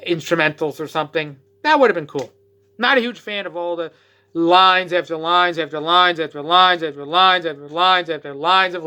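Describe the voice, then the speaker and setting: Sharp-voiced ranting vlogger. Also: mid-range voice, smooth. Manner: profane, sarcastic, mocks others in exaggerated voices. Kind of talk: ranting vlog.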